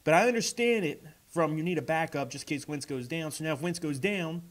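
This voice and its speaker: A young man ranting casually in a video reaction, exasperated and swearing, growing louder as he goes. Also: brisk. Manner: exasperated, swears, gets louder and higher as he rants. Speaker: vlogger.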